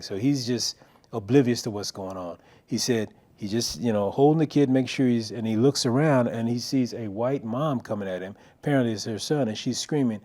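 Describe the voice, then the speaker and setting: A middle-aged man telling a story on a local talk show, animated and acting out the quotes. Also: medium pitch, a little fast.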